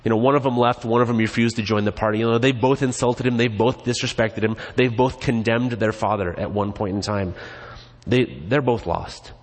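A man's voice: medium pitch, steady tone, a little fast, few pauses. A man preaching a casual, joking, conversational sermon in a church sanctuary. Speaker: pastor. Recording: long reverb in a church hall.

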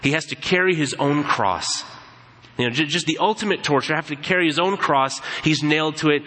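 Male pastor, sermon, lively storyteller; bright, slightly high voice with long hall reverb. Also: fairly quick. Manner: animated storytelling, acting out quotes.

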